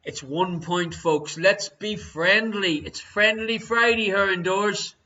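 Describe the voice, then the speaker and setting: A man's voice: sits high, slow, pushed and bright, lo-fi sound. An Irish man hosting a live-streamed quiz, reading out answers and teasing viewers with jokey banter. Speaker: quiz show host.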